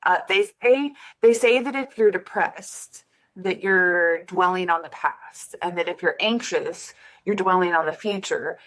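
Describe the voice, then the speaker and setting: A woman hosting a podcast in casual conversation, reflective and thoughtful, who laughs easily. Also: fairly low pitch. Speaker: podcast host.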